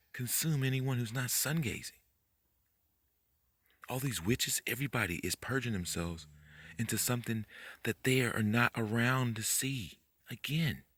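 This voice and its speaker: A man giving a rambling, profane late-night monologue, talking fast, tripping over his words and jumping up in pitch when he gets worked up. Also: fairly bright tone, slightly rough, no echo. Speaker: conspiracy video host.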